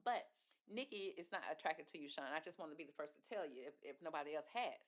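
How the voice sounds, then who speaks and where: A woman's voice: sits low, lively intonation, fast. A woman reviewing a reality show in casual, gossipy talk, with sassy asides and calling listeners baby and girl. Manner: sassy asides ending in "okay?". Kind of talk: casual video commentary.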